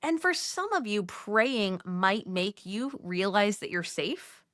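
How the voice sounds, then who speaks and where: Speaking slowly in a mid-range voice with lively intonation, the woman comes through a dry, studio-quality recording. She offers Catholic mothers gentle, conversational coaching, stepping through the process in casual teaching talk and saying "like" a lot.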